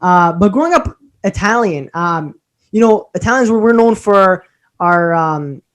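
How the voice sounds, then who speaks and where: A man's voice: sits high, expressive, a little slow. A man hosting a casual interview show, asking long, rambling questions full of fillers. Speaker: podcast host.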